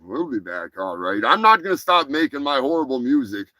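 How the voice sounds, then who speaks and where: A man's voice: medium pitch, very animated, brisk, pushed and bright, no room sound. A man hosting a comedic live show, rambling and swearing freely. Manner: profane, rambling. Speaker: host.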